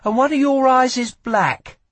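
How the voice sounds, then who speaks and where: A man's voice: very high-pitched, measured pace, fairly bright tone, no room sound, pitched above the performer's own voice, heavily acted. A man voicing a wary young woman thief in an audiobook, with cool, mocking retorts. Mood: guarded, mocking. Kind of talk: audiobook character voice.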